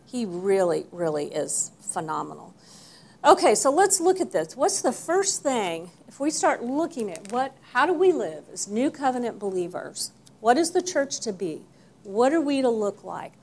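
A woman's voice: medium pitch, very animated, moderate pace, a little mellow, slight background noise. A woman leading a church Bible study class, teaching emphatically and putting questions to the group.

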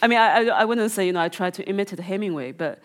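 Animated and quick, this woman speaks at a medium pitch. She's an author and filmmaker from China, a native Chinese speaker, giving an interview filled with restarts and many "you know"s, and reading passages from her memoir.

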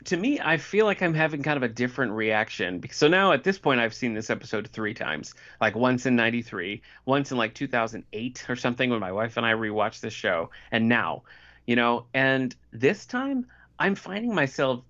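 A man's voice: mid-range voice, lively intonation, moderate pace, a bit bright, dull audio. A man in his forties co-hosting a podcast, chatting casually about a TV episode and leaning on lots of "like" and "you know". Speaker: podcast co-host. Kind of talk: casual TV recap chat.

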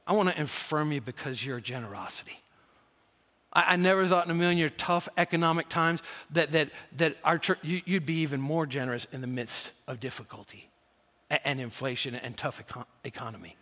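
A man's voice: a little high, bright, forceful tone. A male pastor preaching with enthusiasm, repeating key points for emphasis in a large church hall. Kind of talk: sermon. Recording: long hall reverb.

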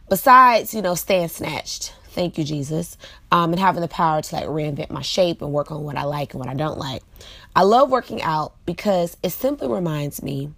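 Late-20s female vlog host, low and a bit gravelly, chatty and direct, dry close sound. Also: fairly bright tone, dry recording. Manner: chatty, frequent fillers, talks to viewers directly. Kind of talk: casual motivational vlog monologue.

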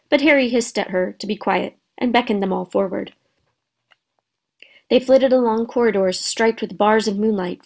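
A woman reading a children's storybook aloud as narrator, steady and expressive. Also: mid-range voice, creaky. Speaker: audiobook narrator.

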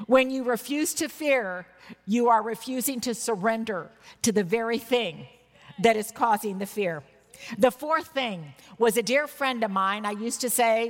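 A woman's voice: a little high, a little slow. A woman in her sixties preaching a sermon, telling personal stories earnestly with emphatic bursts. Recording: long reverb of a large hall.

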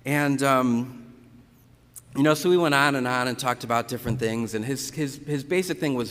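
A Catholic priest giving a conversational sermon, telling stories from the pulpit with lively retellings. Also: male voice, medium pitch, moderate pace, soft background music. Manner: conversational storytelling, animated retellings. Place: church. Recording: church reverb.

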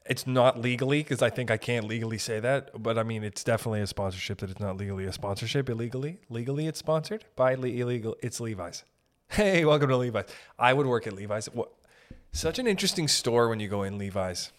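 A man's voice: medium pitch, fast talker. Young guy rambling on his podcast, jokey, cuts himself off, swears a lot, mid-range voice. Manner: rambling, self-interrupting, jokey, swears casually. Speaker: podcast host. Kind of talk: rambling comedic monologue.

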